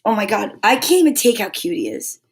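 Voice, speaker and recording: A woman's voice: medium pitch, huge pitch swings, a little fast, slightly rough. An older woman hosting a casual live stream at home, chatting with viewers and cooing over the dog on her lap. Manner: chatty, affectionate, baby-talks to her dog.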